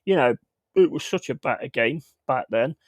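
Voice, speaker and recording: A man's voice: medium pitch, animated, moderate pace, dry recording. A man hosting a casual livestream, talking bluntly and with plenty of swearing. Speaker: streamer host. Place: home.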